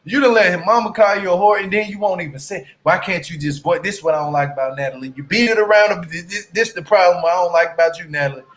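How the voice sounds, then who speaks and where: A man with a high voice rants through a reality show recap in loose, heated commentary. He is blunt and profane, and he stretches words out for emphasis. He keeps checking in with "you hear me?". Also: fairly bright tone. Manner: drawn-out emphatic phrasing. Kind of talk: casual ranting commentary.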